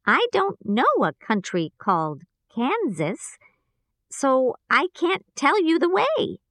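A woman voicing a kind little old female good witch, speaking gently and reassuringly. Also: high voice, huge pitch swings, slow, no echo, voice pushed up, heavily acted. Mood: kindly.

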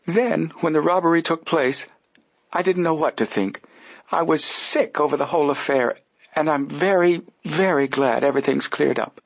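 A man's voice: fairly high pitch, moderate pace, creaky, no echo, lo-fi sound, pitched above the performer's own voice. A man voicing a prim, severe older woman in an audiobook. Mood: firm.

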